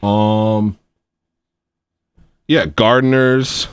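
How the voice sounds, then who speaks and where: A man hosting a casual livestream, ranting and swinging from low mumbles to loud outbursts. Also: steady tone, very slow, smooth, no echo. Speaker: livestream host.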